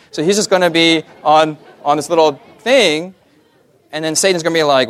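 A man preaching a sermon in a lively, joking way, often asking his listeners for an "amen". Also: fairly high pitch, a little fast, smooth. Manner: lively, asks the audience "amen?" often, jokey asides.

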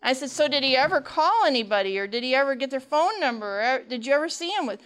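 A woman's voice: sits high, expressive, fast, a bit bright. A woman giving a sermon-style talk on faith and mental health, speaking conversationally, asking the audience questions and retelling counseling stories with quoted dialogue. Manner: asks the audience rhetorical questions.

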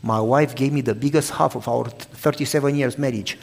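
A man's voice: mid-range voice, normal speed, gravelly, slightly rough. A man in his sixties, a pastor preaching a sermon and animatedly acting out both sides of the conversations in his stories. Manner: animated, acts out both sides of dialogues loudly. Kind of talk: sermon storytelling. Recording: long hall reverb.

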